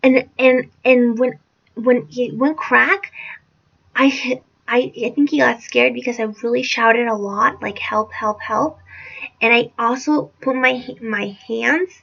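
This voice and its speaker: A young woman rambles through a personal storytime vlog, correcting herself as she goes. Her voice sits high with a gravelly fry, and the recording is dull and lo-fi. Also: fairly even intonation, a little slow, a bit bright. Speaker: vlogger. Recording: dull lo-fi sound.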